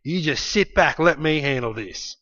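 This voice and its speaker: A man's voice: a little high, lively intonation, normal speed, sharp tone. A male preacher voicing the young shepherd David, speaking firmly and with assurance. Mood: assured. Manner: firm, defiant, assured. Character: young shepherd boy David, bold and fearless. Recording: dull lo-fi sound.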